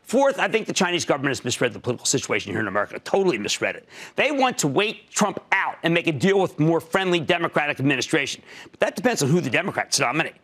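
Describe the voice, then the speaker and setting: Emphatic animated man hosting market show. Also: quick pace. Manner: emphatic, punchy, jumps between loud and low. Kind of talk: animated stock market commentary.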